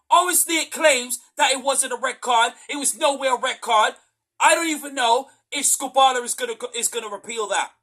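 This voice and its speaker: A man with a strikingly high voice and a bright, tense tone rants through a post-match fan reaction. He sounds exasperated and keeps repeating his points. He sometimes breaks into shouts. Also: moderate pace. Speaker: football fan podcast host.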